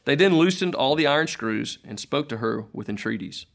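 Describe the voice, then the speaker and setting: A man reading a historical account aloud to a church congregation, measured and solemn. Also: medium pitch, lively intonation, creaky.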